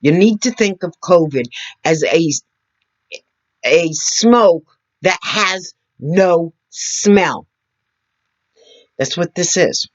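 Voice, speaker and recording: A woman talking slowly and earnestly to her camera, demonstrating as she explains, sitting several feet back from her computer mic. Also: on the low side, lively intonation, lo-fi sound. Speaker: vlogger. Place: indoor room at a computer. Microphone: computer mic several feet away.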